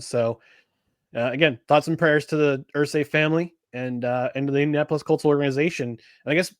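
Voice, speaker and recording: A man's voice: on the high side, no room sound, clean studio sound. A man co-hosting a sports podcast in casual chat, rambling with lots of restarts and fillers. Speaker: podcast co-host.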